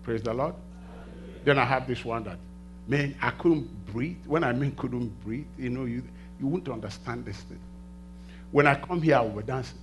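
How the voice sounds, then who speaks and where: A middle-aged man preaching a sermon in a church, asking the congregation to finish his sentences and swinging between hushed and loud passages. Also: mid-range voice, normal speed, faint music behind. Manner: call-and-response questions to the congregation. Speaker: pastor.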